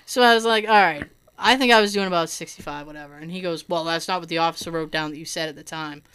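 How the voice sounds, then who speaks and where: Woman, casual chat, animated storytelling, smooth clear voice. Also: low-pitched, fast. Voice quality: hearing loss in right ear. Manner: animated, laughing storyteller who acts out quotes.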